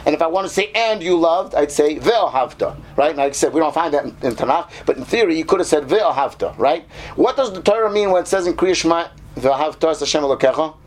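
A man's voice: fairly high pitch, animated, fast. A man teaching a casual Torah class, checking in with listeners and drawing out Hebrew words. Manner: questioning, often asks "right?", stretches out Hebrew words.

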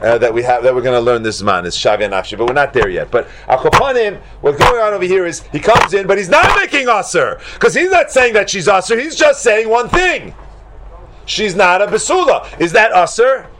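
A man teaching a Talmud class to students, asking them question after question in an animated way. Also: high voice, brisk, noisy background. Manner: animated, questioning, mixes Hebrew and Aramaic terms.

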